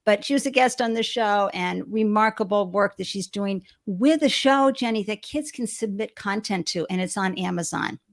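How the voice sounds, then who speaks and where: A woman's voice: mid-range voice, normal speed, few pauses. A woman hosting a live-streamed interview show on a video call, gushing and effusive as she greets viewers by name. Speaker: show host. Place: home studio with balloons behind.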